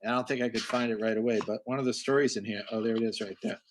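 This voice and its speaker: A man's voice: mid-range voice, steady tone, rapid-fire, a little hiss or hum. Man telling stories on a video call. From Massachusetts. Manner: rambling storyteller, restarts often. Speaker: host. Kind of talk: casual video call chat.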